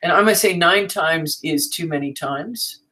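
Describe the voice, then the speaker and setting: A woman's voice: low-pitched, moderate pace, sharp tone, poor audio. A woman teaching a writing class in a frank, chatty way, with fillers and asides. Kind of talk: casual teaching talk.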